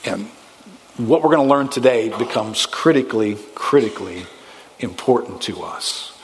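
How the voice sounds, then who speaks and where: A man preaching a sermon as pastor, emphatic, pushing stressed words up high and then dropping low. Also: moderate pace, in a large hall. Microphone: handheld or headset microphone.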